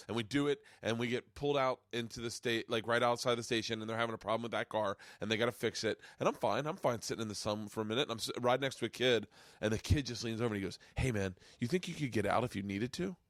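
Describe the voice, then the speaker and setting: A man hosting a podcast, telling a rambling, excitable story in casual chat. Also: mid-range voice, quick pace, no echo, clean studio sound. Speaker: podcast host. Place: home studio.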